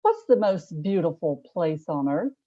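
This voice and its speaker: A woman's voice: on the low side, big pitch swings, measured pace, mellow. A woman interviewing a guest on a video call, jokey and teasing. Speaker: interviewer at a club meeting. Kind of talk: lighthearted interview hosting. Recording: slightly dull lo-fi video call audio.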